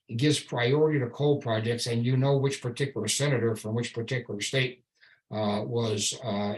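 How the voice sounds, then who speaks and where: A man giving a public slide lecture, wry and sarcastic, stressing key words slowly, with frequent restarts and fillers. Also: medium pitch, low-quality recording. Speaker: invited speaker giving a slide talk.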